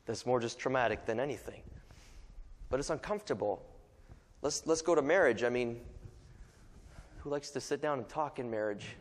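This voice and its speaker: A man's voice: mid-range voice, moderate pace, pauses often. Joking male preacher in a reverberant hall. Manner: conversational, joking preaching with acted-out asides. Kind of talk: sermon.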